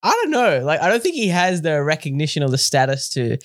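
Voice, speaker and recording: A man's voice: a little high, expressive, fast, no room sound, clean studio sound. A man co-hosting a podcast, chiming in with short reactions and jokey asides in casual chat. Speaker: podcast co-host.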